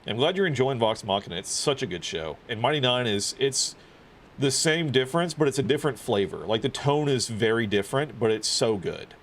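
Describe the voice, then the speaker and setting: A man's voice: mid-range voice, animated, fairly quick, a little hiss or hum. A man streaming a video game, chatting casually and rambling, with lots of fillers and swearing. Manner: rambling, profane, many fillers. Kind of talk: casual chat while gaming.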